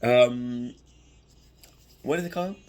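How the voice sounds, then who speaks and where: A young man tells a story straight to the camera while eating. He rambles and swears, restarts his sentences often, and keeps a medium pitch. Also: takes it slowly, a little mellow, low-quality recording. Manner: rambling, profane, frequent restarts. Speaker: vlogger.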